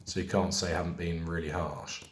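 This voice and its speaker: A man hosting a pub quiz, reading each question slowly and repeating it, with chatty asides between questions. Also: low voice, little pitch movement, slight background noise. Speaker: quiz host. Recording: echoey room.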